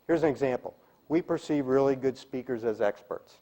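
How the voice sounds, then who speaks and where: Mellow-voiced man coaching a live audience. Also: medium pitch, fairly quick. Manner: emphatic, demonstrates delivery, drops to a whisper for effect. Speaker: speaking coach. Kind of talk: live seminar talk to a group.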